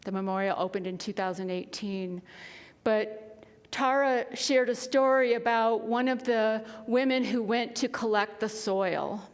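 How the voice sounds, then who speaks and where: A woman minister tells a story in earnest sermon style, sometimes falling to a hush. Her voice rings out with a long reverb, as in a church hall. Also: fairly high pitch, fairly even intonation, measured pace. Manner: earnest storytelling with soft, hushed passages. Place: spiritual center sanctuary.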